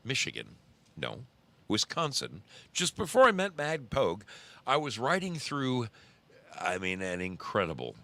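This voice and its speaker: A man in his sixties hosting a casual live stream, greeting viewers and telling rambling road stories. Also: deep voice. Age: 60s. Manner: rambling storyteller, greets chat viewers warmly by name. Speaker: livestream host.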